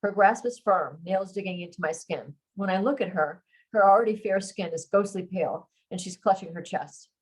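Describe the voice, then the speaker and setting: A woman author reads her romance novel aloud at an easy, even pace. Her voice sits at an ordinary middle pitch. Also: moderate pace, hardly any pauses, slightly rough, low-quality recording.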